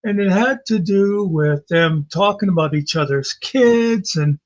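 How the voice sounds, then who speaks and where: A man with a high voice talks slowly and loosely, rambling through a sarcastic recap with the odd swear word. The sound is a bit dull and lo-fi, like a home setup. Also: expressive. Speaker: commentary channel host. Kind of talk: casual recap commentary. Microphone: home mic, off camera.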